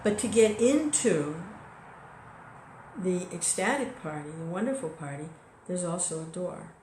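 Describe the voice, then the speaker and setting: A woman's voice: on the low side, a little slow, a little mellow, slight background noise. A woman giving an informal devotional talk in a conversational way, full of "you know" and small restarts. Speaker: devotional speaker. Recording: echoey room recording.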